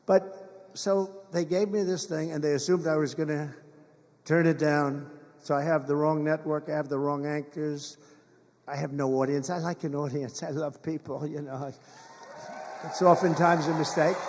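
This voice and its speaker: Man, fairly high voice, rambling mocking rally speech, long hall echo. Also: fairly even intonation, normal speed. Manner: boastful, mocking, repetitive asides to the crowd. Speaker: political candidate at a rally. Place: large rally venue.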